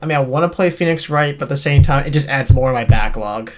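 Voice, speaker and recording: A man's voice: medium pitch, quick pace. A man co-hosting a let's play, chatting casually and a bit hesitantly about games. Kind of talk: casual chat while gaming.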